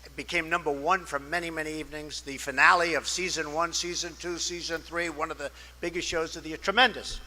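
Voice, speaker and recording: A man's voice: a little high, steady tone, fairly quick, sharp tone. A male political candidate giving a campaign speech at a fundraising dinner, boastful and repetitive, wandering into asides and acting out quoted exchanges. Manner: conversational, acts out quoted exchanges.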